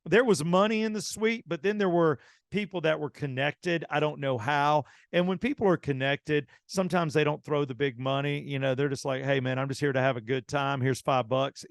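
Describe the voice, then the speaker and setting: A middle-aged man, hosting a radio show and telling an anecdote in a casual, animated way, acting out the dialogue. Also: on the high side, normal speed, gravelly, no room sound, studio quality. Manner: animated anecdote teller, acts out quoted dialogue. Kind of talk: casual storytelling.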